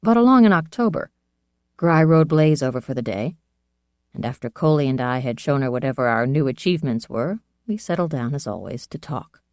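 An audiobook narrator reading a first-person fantasy novel in a measured, even storytelling manner. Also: mid-range voice, clear, resonant tone, no room sound.

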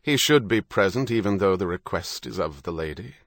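A man reading aloud voices an older admiral who speaks in a measured, formal way. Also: low-pitched, animated, a bit bright, dry recording, studio quality, exaggerated voice.

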